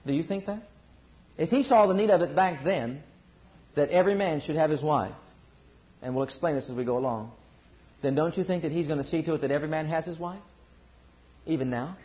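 A man's voice: a little high, fairly quick, long pauses, highs cut off. A man preaching a sermon to a congregation, building emphasis and asking rhetorical questions.

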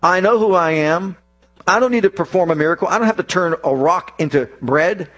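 A commanding, defiant Jesus who declares who he is without doubt, played by a male preacher. The voice is a touch raised and forceful. He stands his ground. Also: high-pitched, fairly quick, soft background music. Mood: declaring. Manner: firm, declaring.

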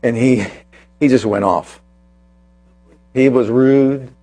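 A man preaching a sermon as pastor, telling a personal story and then slowing down to press his points with emphasis. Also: medium pitch, mellow.

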